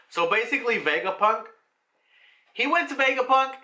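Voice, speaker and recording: A young man casually reacting to and retelling a comic chapter, animated and profane, slipping into excited mock character voices. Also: on the high side, normal speed. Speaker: manga reaction host.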